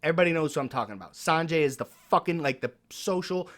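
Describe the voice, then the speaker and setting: A man with a New York accent chats as a podcast co-host, his voice sitting a little high. He tells stories with lots of swearing and slips into other people's lines as he goes. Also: quick pace. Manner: animated storyteller, swears often, acts out other people's lines. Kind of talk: casual chat.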